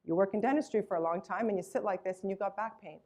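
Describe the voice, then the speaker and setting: A woman's voice: mid-range voice, fast talker, warm tone. A woman giving an enthusiastic, emphatic sales presentation about her company's products. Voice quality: acts out voices when retelling a story.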